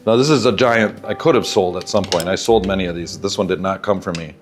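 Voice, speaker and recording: Low-voiced man rambling through a shop story. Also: fast. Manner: rambling, candid, profane asides. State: stuffy nose. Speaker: bike shop owner and vlogger. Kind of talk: casual storytelling while working on a bike. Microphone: wireless clip-on mic.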